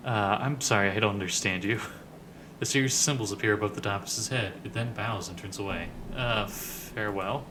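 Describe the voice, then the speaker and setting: A man's voice: on the low side, fairly quick, background noise. A man hosting a game playthrough, reading the text aloud with casual, self-deprecating asides. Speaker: gaming video host.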